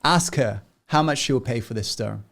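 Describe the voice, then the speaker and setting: A man voicing a warm, wise father in a spoken story, talking gently and earnestly. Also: medium pitch, normal speed, vocal fry. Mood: calm.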